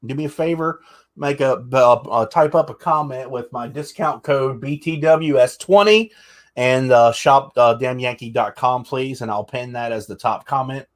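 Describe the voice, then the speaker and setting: A man's voice: medium pitch, moderate pace. Chatty man hosting a livestream. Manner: chatty, joking, shows products. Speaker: livestream host. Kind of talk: casual livestream chat.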